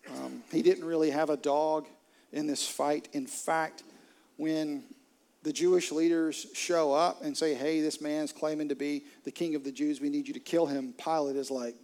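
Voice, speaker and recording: Male pastor, sermon delivery, dramatic storyteller, slightly high voice. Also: fairly even intonation, normal speed. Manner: dramatic storytelling, drops to near whispers and rises to loud outbursts.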